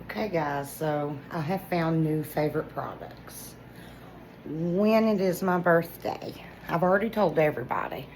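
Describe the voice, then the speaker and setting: A woman, chatting excitedly straight to her viewers about products she loves. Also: low voice, measured pace, a little hiss or hum, rough recording. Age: 40s. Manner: excitable, chatty, talks straight to viewers with lots of "y'all" and "listen". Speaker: vlogger reviewing products. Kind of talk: casual product review vlog.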